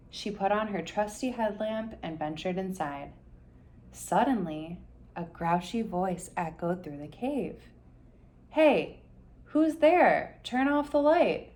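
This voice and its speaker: A woman reading a children's picture book aloud in an expressive, gentle storytelling manner. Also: fairly low pitch, slight background noise. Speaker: storybook reader.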